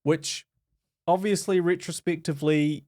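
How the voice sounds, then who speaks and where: A man co-hosting a podcast in casual chat, animated and quick to laugh, often restarting his sentences. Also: a little high. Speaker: podcast co-host.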